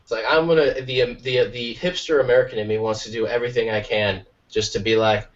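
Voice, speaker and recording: A man co-hosting an art podcast in casual chat, excitable and quick to exclaim. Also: on the low side, highs cut off. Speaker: podcast co-host.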